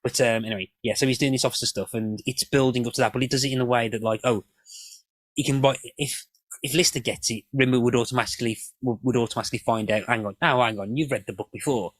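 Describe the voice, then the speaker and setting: A man's voice: mid-range voice, fairly even intonation, fast talker, no room sound, low-quality recording. A man on a podcast panel, analysing an episode in casual chat with many restarts.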